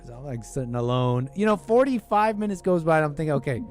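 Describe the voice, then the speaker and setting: Rambling, animated man hosting a podcast. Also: on the high side, fast, soft background music. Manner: rambling, self-interrupting storytelling with laughs. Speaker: podcast host. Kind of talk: casual talk-show monologue.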